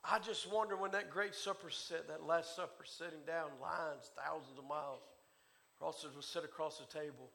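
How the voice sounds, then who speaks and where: A male preacher delivering a sermon in a rhythmic cadence, swinging from hushed tones to shouting. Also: fairly high pitch, steady tone, normal speed, gravelly, a little hiss or hum. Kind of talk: Pentecostal-style sermon.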